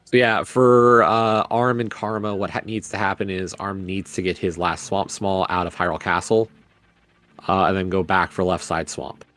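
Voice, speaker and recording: A man's voice: low voice, normal speed. A man commentating a live video game race, then chatting casually with the players. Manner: relaxed, chatty, asks players questions.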